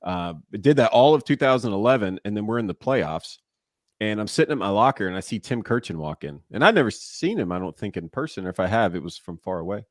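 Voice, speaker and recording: In his forties, a former baseball player and broadcaster guests on a casual interview, telling animated stories and laughing often mid-story. He has a lowish voice and talks fast, recorded in studio quality with no room sound.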